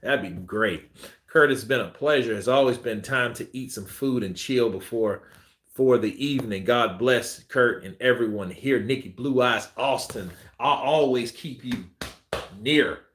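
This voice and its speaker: A man's voice: mid-range voice, unhurried, fairly bright tone. A man hosting a boxing live stream, reading viewer comments in a loose, joking way and laughing often. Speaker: boxing channel host. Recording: roomy echo.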